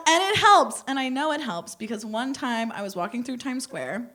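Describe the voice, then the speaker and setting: Animated woman doing stand-up. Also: a little high. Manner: animated, laughs at her own jokes, acts out shouted quotes. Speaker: stand-up comedian. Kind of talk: stand-up comedy set. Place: theater stage.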